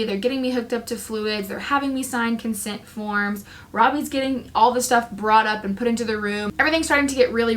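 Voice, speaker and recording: A young woman talks straight to camera in a relaxed, chatty vlog voice. She tells a personal story with plenty of energy and acts out her own past words. Her pitch sits mid-range for a woman. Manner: chatty, animated, quotes herself often. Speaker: vlogger, new mom.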